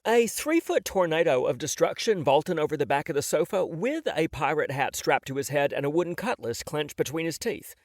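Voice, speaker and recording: A man's voice: on the high side, lively intonation, brisk, few pauses, dry recording. A man narrating a novel in the first person, wry and self-mocking, on a close studio mic. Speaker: audiobook narrator.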